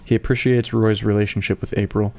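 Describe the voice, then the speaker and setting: A man with a fairly low voice reads his character's notes aloud at the table, pausing now and then between phrases. He is a player in a tabletop game. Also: creaky. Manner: excited, swearing, reading haltingly.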